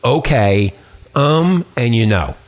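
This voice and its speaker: A man's voice: mid-range voice, animated, slow pace, crowd noise. A man hosting a crude, casual talk radio show, rambling with lots of fillers and restarts.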